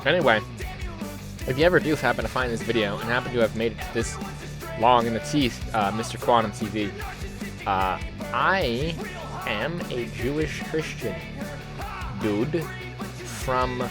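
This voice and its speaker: A man's voice: medium pitch, measured pace, long pauses, music in the background. A young American man commenting casually as a YouTuber, rambling, profane and incredulous, with lots of fillers. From United States.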